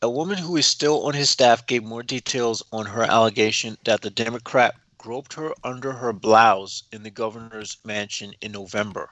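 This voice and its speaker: A man's voice: mid-range voice, normal speed, hardly any pauses, fairly bright tone, no room sound, poor audio. A man cohosting a livestream, reading news items aloud and adding blunt remarks of his own. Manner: reads headlines, then adds blunt remarks.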